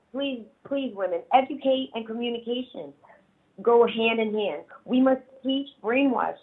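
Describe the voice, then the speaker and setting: A woman's voice: fairly high pitch, slightly rough. A woman speaking with passion and a preachy tone to a talk-show audience. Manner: impassioned, preachy. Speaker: segment speaker. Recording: tinny phone line.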